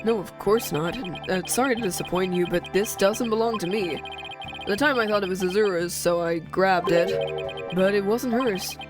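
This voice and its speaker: A woman voicing a shifty young male sailor witness, attempting a Cornish accent that slips toward Scottish, with an evasive, flat tone. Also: mid-range voice, normal speed, lightly acted. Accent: attempted Cornish, slipping Scottish. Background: game music.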